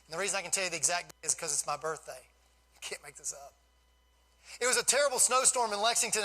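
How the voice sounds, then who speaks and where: A man in his fifties giving an animated, folksy storytelling speech to a live audience as a guest speaker. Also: high-pitched, rough recording.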